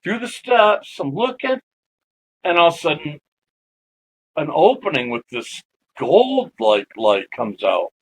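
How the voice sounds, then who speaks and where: A man as a podcast guest, telling a personal story in an animated, casual way and swearing freely. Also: on the high side, a little slow, pauses often, a little hiss or hum, rough recording.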